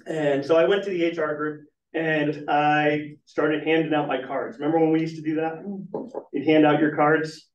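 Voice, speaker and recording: A man's voice: a little high, moderate pace. Man telling stories in an echoey room. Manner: lively storytelling, asks the room questions. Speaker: business trainer and guest speaker. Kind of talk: storytelling talk at a networking meeting. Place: meeting room. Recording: echoey, muffled room recording from far off.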